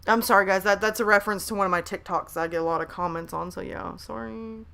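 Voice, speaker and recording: Reading messages from chat aloud, this woman chats casually on a home live stream through a laptop desk mic, hyper and talkative. Her medium-pitched voice is steady, quick, creaky, pushed and bright.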